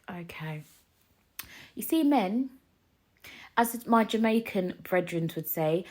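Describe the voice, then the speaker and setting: A woman, hosting a casual solo podcast and ranting in an animated, jokey way, swinging between loud and quiet. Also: mid-range voice, normal speed, husky. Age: 20s. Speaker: podcast host.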